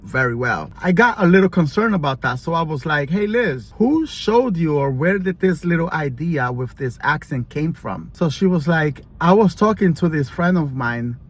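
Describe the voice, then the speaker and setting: A man's voice: fairly high pitch, animated, moderate pace, few pauses. A man telling a long, rambling story to camera as a vlogger, with frequent restarts and fillers. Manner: talks in long run-on stretches with restarts and fillers.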